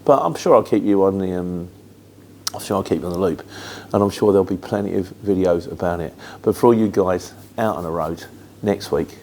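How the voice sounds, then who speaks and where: A middle-aged English man with a London-flavoured accent chats through viewer questions in a rambling, down-to-earth way, full of fillers. His voice sits fairly low, with a faint hum of noise behind it. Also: fairly quick, a little mellow. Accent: London-influenced Luton English. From England. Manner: chatty, rambling, matter-of-fact with filler words. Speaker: host answering viewer questions. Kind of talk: casual chat.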